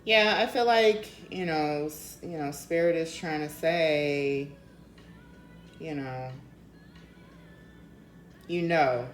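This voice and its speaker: A woman's voice: sits low, takes it slowly, long pauses, reverberant, faint music behind, low-quality recording. A woman from Denver with a slight Maryland accent, giving a casual tarot reading and chatting loosely with fillers and swearing. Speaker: tarot reader.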